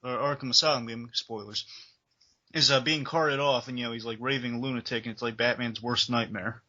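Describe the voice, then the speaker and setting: A man with a bright, forceful voice talks through a game review in a casual chat, often hesitating and apologizing. The recording has a dull, lo-fi sound. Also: medium pitch, fairly even intonation, brisk. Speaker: co-host.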